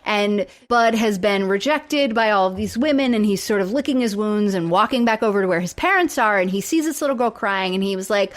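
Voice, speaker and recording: A woman's voice: mid-range voice, a little fast, few pauses. A woman co-hosting a podcast, chatting casually and retelling a sitcom episode, acting out the characters' lines as she goes. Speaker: podcast co-host.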